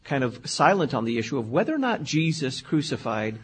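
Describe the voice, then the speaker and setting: A man's voice: medium pitch, very animated, brisk, slight background noise. A man hosting a theology talk show, asking long framing questions with hesitant fillers. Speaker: host. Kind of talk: interviewer casual chat.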